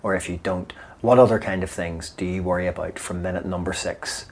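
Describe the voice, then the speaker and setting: A man hosting a podcast interview, asking questions with relaxed, dry asides. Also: deep voice, a little fast, vocal fry, husky. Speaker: podcast host. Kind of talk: conversational interview.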